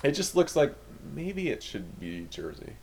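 A man's voice: on the high side, big pitch swings, measured pace, creaky, husky. A man co-hosting a casual podcast chat, joking and laughing easily. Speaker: podcast co-host. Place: Chicago area.

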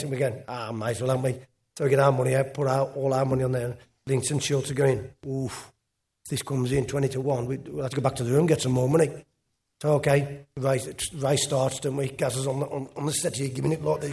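A man's voice: a little high, fairly even intonation, quick pace. A man, a former footballer, telling a rambling after-dinner story on stage with lots of repeats. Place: live event on stage.

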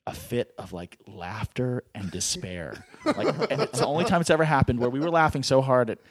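A man's voice: medium pitch, expressive, normal speed, no echo. A middle-aged man and screenwriter, telling comic stories casually as a podcast guest and laughing through them.

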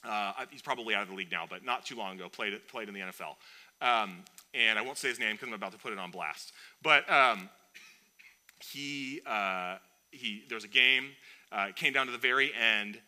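Bright-voiced man preaching. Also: lowish voice, brisk. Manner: conversational, animated preaching with playful asides. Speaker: pastor. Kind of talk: sermon.

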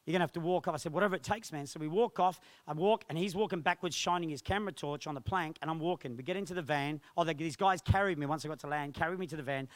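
A male pastor telling a personal testimony in a sermon, animated and acting out the voices of others. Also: on the high side, fast talker, hardly any pauses, no room sound. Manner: animated storytelling, acts out quoted voices.

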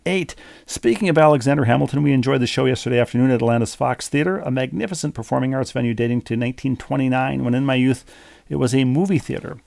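A man's voice: mid-range voice, quick pace, vocal fry, a little mellow, no room sound. A middle-aged man co-hosting a podcast, chatting casually and reading a listener's email aloud in a dry, wordy, playful way. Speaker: podcast co-host.

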